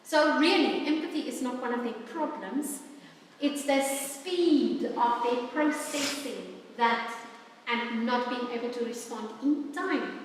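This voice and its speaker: A high-pitched woman talks to a workshop crowd in a warm, playful, chatty way. She is heard from far off in a large, strongly echoing hall. A faint room hum stays behind her. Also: slow. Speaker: workshop presenter. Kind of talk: speaking to a workshop audience.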